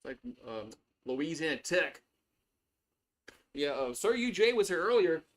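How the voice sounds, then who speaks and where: A man's voice: a little high, big pitch swings, a little slow. A man giving casual play-by-play on a live stream, loose and chatty, swearing freely. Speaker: live stream sports host.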